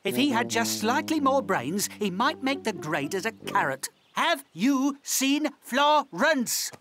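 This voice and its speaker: Dougal, a grumpy sarcastic dog. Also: female voice, on the high side, very animated, takes it slowly, background noise. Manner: exasperated, sharp-tongued, name-calling. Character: grumpy, sarcastic male dog turned into a snail. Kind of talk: children's cartoon voice acting. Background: music.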